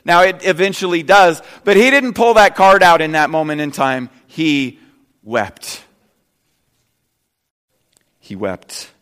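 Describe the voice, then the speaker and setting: A man's voice: normal speed, few pauses, clean tone. Earnest man preaching in a reverberant hall. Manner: earnest, swings from soft and low to loud and emphatic. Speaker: pastor. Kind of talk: sermon.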